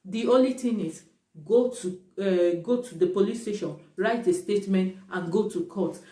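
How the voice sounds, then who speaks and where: Woman vlogger, warm low-key timbre, emphatic, echoey room recording. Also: normal speed. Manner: emphatic, repeats points for stress. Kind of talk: casual talk to camera. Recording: roomy, distant from the mic.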